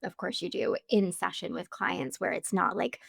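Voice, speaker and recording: A woman's voice: lowish voice, fairly even intonation, moderate pace, gravelly, breathy edge, dry recording, clean studio sound. A woman hosting a podcast, sharing her own experience at length before asking reflective questions. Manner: reflective, asks long framed questions. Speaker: podcast host. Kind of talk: casual interview chat.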